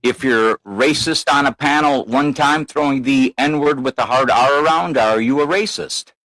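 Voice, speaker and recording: A man's voice: mid-range voice, measured pace, fairly bright tone, dry recording, rough recording. A man on an online panel asking pointed rhetorical questions and repeating himself to get a word in. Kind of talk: heated argument.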